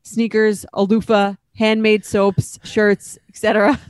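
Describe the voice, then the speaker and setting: A woman's voice: medium pitch, flat delivery, measured pace, no echo. A woman co-hosting a podcast. She reads listener emails aloud and then chats about them casually. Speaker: podcast co-host. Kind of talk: casual chat, reading listener mail.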